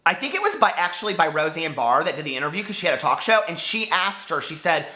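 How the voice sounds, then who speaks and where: A man in his forties with a high, squeaky voice, speaking in an impassioned, hurt vlog rant and swearing as he talks to the camera. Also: sing-song, fast talker, pushed and bright, reverberant. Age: 40s. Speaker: book vlogger.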